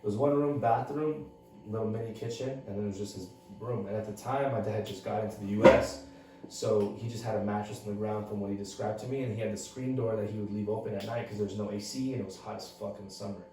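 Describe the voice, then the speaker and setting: A man with a fairly low, dark voice tells a story casually, with heavy cursing and constant fillers. He sits well back from the mic in a very echoey room. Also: fairly even intonation, fast, far from the mic, slight background noise. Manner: heavy swearing, lots of "like" fillers. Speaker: podcast co-host.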